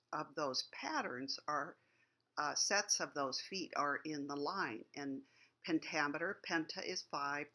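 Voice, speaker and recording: A woman's voice: low-pitched, sharp tone, dull audio. A woman teacher giving a lecture on poetry, explaining things patiently and thinking aloud as she goes.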